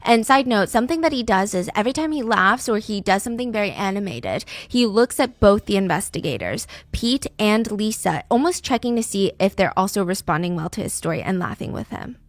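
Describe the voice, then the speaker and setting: A woman hosting a podcast, telling a true crime story in an animated, conversational way. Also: medium pitch, a little fast, few pauses, no room sound. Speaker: podcast host.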